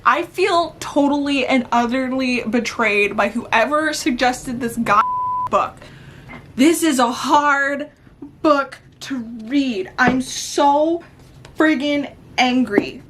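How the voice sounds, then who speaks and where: Woman reading vlogger: higher voice, talks slowly, easy casual chat that breaks into giddy laughter. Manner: excitable, laughs often, swings from calm recap to giddy outbursts. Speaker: book vlogger.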